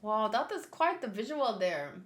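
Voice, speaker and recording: A woman's voice: a little high, very animated, normal speed. A woman hosting an anime reaction video, chatting casually, reading trivia aloud and laughing at her own jokes. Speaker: anime reaction channel host.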